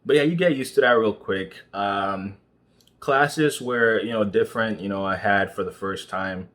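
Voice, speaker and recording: Young man, low voice, from Nigeria, casual vlog chat, loose with fillers. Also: normal speed, fairly bright tone. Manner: conversational, full of fillers like "you know". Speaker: vlogger. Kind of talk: casual monologue.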